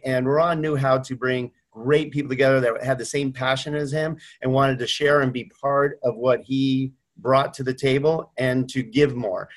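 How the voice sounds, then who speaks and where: A middle-aged man talks over a video call, earnest and warm in his storytelling. He slips into other people's voices when quoting them. His voice sits in a mid range. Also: mid-range voice. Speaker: mortgage company owner. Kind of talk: video call tribute chat.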